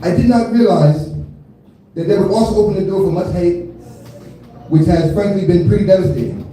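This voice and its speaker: A man's voice: high-pitched, fairly quick, dark tone, a little hiss or hum, natural voice. A man voicing a young woman who reads a gracious public statement, in a weak mimicked accent. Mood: earnest. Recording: echoey room from far off.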